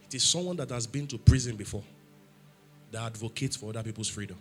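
A man's voice: mid-range voice, quick pace, soft background music. A man preaching a sermon in church, emphatic, asking the congregation questions for them to answer. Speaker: pastor.

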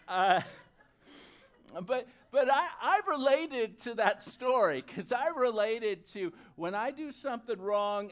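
A high-pitched male pastor preaching a sermon. He tells stories and jokes in a loose, conversational way, leading a congregation. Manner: storytelling, joking, conversational.

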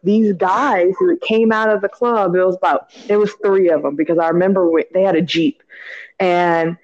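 High-voiced man rambling through a story. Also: fairly even intonation, normal speed, dull audio. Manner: rambling, full of "you know" and "like", restarts often. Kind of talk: casual storytelling chat.

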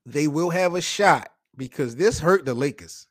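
A man hosting a sports talk show, reacting with excitable, incredulous outbursts and casual slang. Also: a little high, moderate pace, dry recording, studio quality. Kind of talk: animated sports talk commentary.

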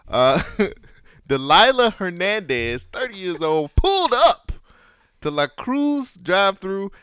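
Podcast co-host, male, easygoing, lively high voice, dry close sound. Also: takes it slowly, smooth, no room sound. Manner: laid-back, repeats words, reads news stories aloud. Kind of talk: casual chat.

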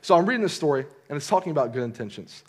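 Talking very fast, a young youth preacher tells a story in a casual sermon, his slightly high voice very animated and edged with breath. He is conversational, full of fillers and restarts, and voices the characters in quoted lines.

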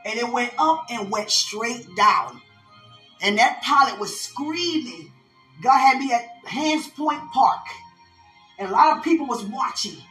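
A woman preaches with fervent conviction, calling out to listeners as she recounts a vision. Her voice sits a little high and rings in an echoey room. Faint music plays underneath. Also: animated, a little slow, sharp tone. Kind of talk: prophetic sermon.

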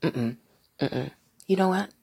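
A woman hosting her own podcast, ranting in a rambling, profane way and putting on mocking voices, a little high as she talks. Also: animated, slow, creaky, dark tone, husky. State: partially high. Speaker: podcast host. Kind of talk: casual solo podcast rant.

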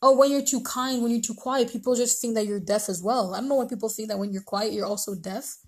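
Woman host, high voice, rambling advice talk with lots of "like" and restarts. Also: fast talker. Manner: rambling, many restarts and fillers. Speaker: podcast host. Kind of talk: casual advice monologue.

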